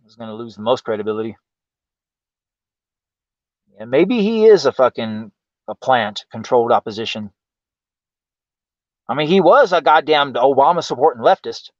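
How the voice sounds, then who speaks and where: A man's voice: medium pitch, lively intonation, moderate pace, long pauses, dry recording. A man hosting a livestream, ranting with exasperation and heavy profanity and asking why again and again. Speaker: livestream host. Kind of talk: ranting commentary. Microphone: home streaming mic. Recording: dull lo-fi stream audio.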